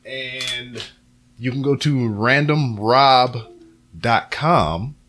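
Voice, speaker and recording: A man's voice: mid-range voice, drawn-out words, fairly bright tone. A man hosting his own podcast, rambling casually and profanely to camera from a home setup. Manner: loose, profane and rambling, with many fillers. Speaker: podcast host. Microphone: camera and computer setup, a little off-axis at times.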